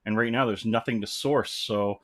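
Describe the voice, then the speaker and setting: A man's voice: fairly low pitch, steady tone, normal speed. A man hosting a live stream from his room, rambling casually and greeting viewers as they join. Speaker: livestream host. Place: home room. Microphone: desk mic.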